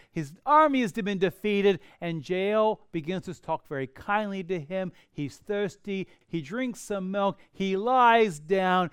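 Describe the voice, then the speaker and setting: A middle-aged pastor's sermon unfolds through stories, lively emphasis and dry, witty asides. He has a high, smooth, resonant voice, and the recording is close and dry.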